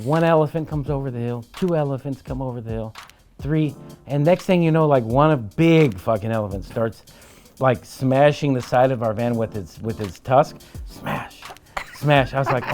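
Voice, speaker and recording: Profane, animated male storyteller. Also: medium pitch, normal speed, soft background music. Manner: animated, profane anecdote-telling. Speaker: podcast guest, trial lawyer. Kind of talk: casual storytelling over drinks.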